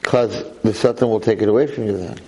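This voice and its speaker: A man teaching a lively Torah class to a live audience as a rabbi, telling the story with energy and firing off rhetorical questions. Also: on the low side, brisk, a little hiss or hum, rough recording.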